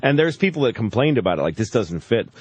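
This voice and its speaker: A man's voice: medium pitch, big pitch swings, quick pace, darkish tone, slightly rough. A middle-aged man, a comedian, telling profane stories on a casual radio talk show and laughing often.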